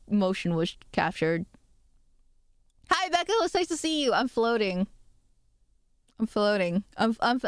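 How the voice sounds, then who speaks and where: A woman VTuber streamer rambles through a casual livestream chat, often breaking into giggles. Her voice sits a little high and sounds smooth and clear. The sound is dry and close. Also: dry recording.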